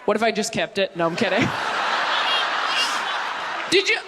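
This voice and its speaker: A woman's voice: medium pitch, sing-song, normal speed. A woman doing stand-up, teasing the crowd with incredulous questions and often laughing mid-line. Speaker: stand-up comedian. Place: large comedy venue with live audience. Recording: live hall reverb with crowd noise.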